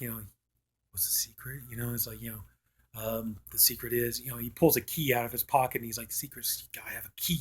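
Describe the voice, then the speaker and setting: A man's voice: medium pitch, a little mellow, breathy edge. A man giving a casual film review, rambling and filling his talk with "you know". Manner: rambling, heavy use of "you know" fillers; acts out quoted lines from the film.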